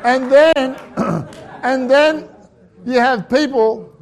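Aussie bloke preaching, middle-aged, high voice, cracks jokes and tells stories. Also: male voice, very slow, vocal fry. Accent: Australian. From Australia. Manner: jokey, storytelling, laughs at his own lines. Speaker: pastor. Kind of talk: humorous sermon with stories.

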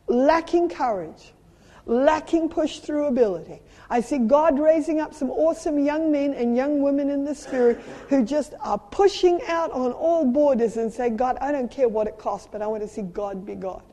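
A middle-aged woman with a South African accent, preaching a sermon as a traveling minister, moving between lively personal stories and emphatic urging. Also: sits high, moderate pace. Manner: animated storytelling with playful sound effects and emphatic exhortation. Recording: long hall reverb.

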